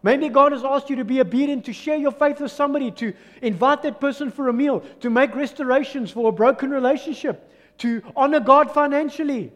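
A man's voice: very high voice, fairly quick, fairly bright tone, in a large hall. A man with a South African English accent, preaching a sermon in a church and acting out the voices of doubters and crowds. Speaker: pastor. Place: church hall.

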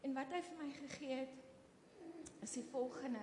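A South African woman reading a devotional to a congregation softly and evenly. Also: high voice, steady tone, moderate pace, long pauses, a little hiss or hum. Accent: South African English. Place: church hall. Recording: roomy echo with long hall reverb.

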